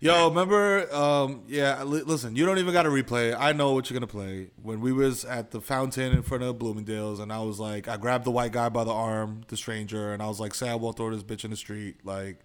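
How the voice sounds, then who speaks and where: A man's voice: medium pitch, a little fast, hardly any pauses, smooth. A man in casual comedic banter, rambling and stammering. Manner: rambling, stammering, plays the sinner.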